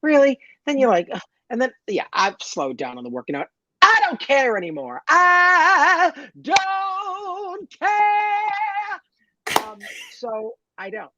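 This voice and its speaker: A man in his fifties or older, a guest telling stories in a lively, camp way with big swings in pitch. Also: brisk, dull audio, slight background noise. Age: 50s or older. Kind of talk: casual chat.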